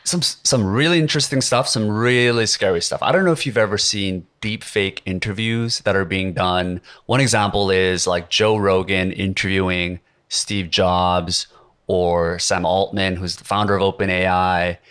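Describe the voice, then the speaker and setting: A man's voice: deep voice, steady tone, normal speed, fairly bright tone, smooth. Curious young man hosting a podcast. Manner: curious, asks long searching questions. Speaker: podcast host. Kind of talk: conversational interview.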